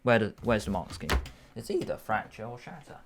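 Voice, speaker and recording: A man's voice: lowish voice, sing-song, background noise. A man tutoring, working through a verbal reasoning test paper aloud and musing over each answer. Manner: musing, unhurried, self-correcting.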